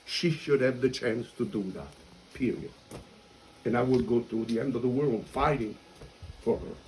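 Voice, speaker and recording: An Italian-accented priest tells a story with lively, self-mocking energy and acts out each side of the conversation. His voice sits at an ordinary middle pitch for a man. A faint hum of room ambience sits behind him. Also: poor audio. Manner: animated, self-mocking storyteller who acts out quoted dialogue. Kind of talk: storytelling talk.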